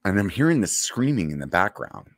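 Relaxed and swearing freely, a man in his forties who served in the military recounts a story from those days with plenty of fillers and pauses. He has a deep, sing-song voice, and the recording is dry and studio quality.

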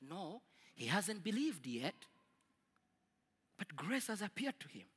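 A man preaching a sermon to a congregation, swinging from loud declarations to quiet asides. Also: high-pitched, very animated, slow, breathy edge, long reverb tail. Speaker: pastor.

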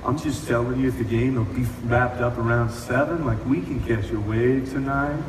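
A man putting on a laid-back male surfer fan with a slow, easygoing drawl, recorded from far off in an echoey hall with noise behind. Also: medium pitch, steady tone, voice pushed down, lightly acted. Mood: mellow.

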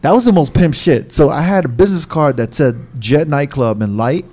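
A man's voice: a little high, expressive, a little fast, dark tone. A man who works as a DJ, telling old nightclub stories in a casual, profane way, often laughing and acting out what others said. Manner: profane, laughing, acts out quotes. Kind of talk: casual storytelling chat.

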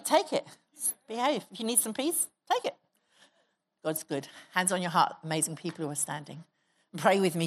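A woman pastor preaches to her congregation in a fairly low voice. She exhorts her listeners and leads them in spoken prayer. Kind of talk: sermon with prayer and prophecy. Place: church hall.

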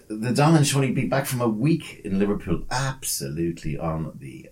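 A man's voice: fairly low pitch, sing-song, moderate pace, a little mellow. A man co-hosting a podcast in casual, rambling banter, joking and swearing freely. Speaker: podcast co-host. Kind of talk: casual banter over drinks.

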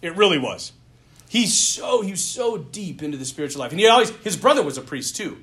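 A young male priest preaching a sermon in an animated, self-deprecating way, often laughing at himself. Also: high-pitched, fairly quick.

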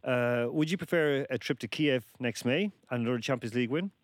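A man's voice: mid-range voice, brisk, no room sound, studio quality. A middle-aged man with a Dublin Irish accent hosting a casual radio interview, chatty and jokey, often saying "listen". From Dublin, Ireland. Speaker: radio host.

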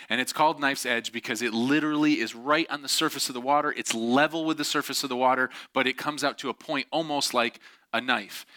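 A man telling a story in a lively way, acting out the voices of the people in it. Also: mid-range voice, brisk. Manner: animated, acts out quoted voices. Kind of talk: storytelling talk.

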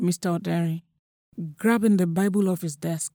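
A young woman with a Nigerian accent telling a first-person story in a steady, matter-of-fact way. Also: on the low side, normal speed, no room sound, clean studio sound. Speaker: narrator.

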